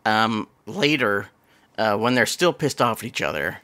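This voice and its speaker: Bright-voiced man recapping a film. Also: on the low side. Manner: animated retelling, acts out characters in quick voices. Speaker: podcast co-host. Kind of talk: casual movie review chat.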